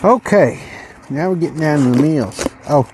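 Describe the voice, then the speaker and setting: A man hosting a casual unboxing video, musing aloud in a slow, rambling way as he goes through a ration pack. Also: fairly high pitch, animated, noisy background. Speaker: channel host reviewing ration packs.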